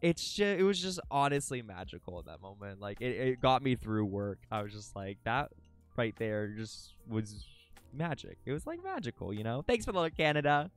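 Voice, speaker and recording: A man's voice: medium pitch, big pitch swings, normal speed, soft background music. A young man streaming live, chatting to viewers in a rambling, emotional way, swearing often and restarting his sentences. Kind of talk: casual chat with stream viewers.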